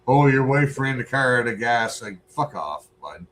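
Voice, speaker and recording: A man, co-host of a podcast, telling a profane, animated story in casual chat. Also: mid-range voice, moderate pace, a little hiss or hum.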